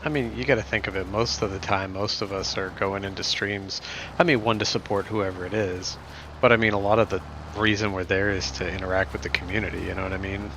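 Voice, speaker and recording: A man's voice: sits low, fairly even intonation, brisk, fairly bright tone, a little hiss or hum. A man streaming and chatting casually with viewers, rambling and joking, with lots of "I mean" and "you know". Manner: rambling and joking, heavy fillers.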